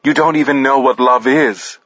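A man's voice: medium pitch, normal speed, fairly bright tone, no room sound, dull audio, pitched above the performer's own voice, lightly acted. A man voicing an enraged armed man seeking revenge, furious and accusing, in a story reading.

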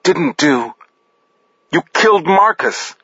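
A man's voice: fairly high pitch, expressive, slow, sharp tone, breathy edge, no room sound, dull audio, pitched above the performer's own voice, exaggerated voice. A man voicing an enraged armed man seeking revenge, furious and accusing, in a story reading.

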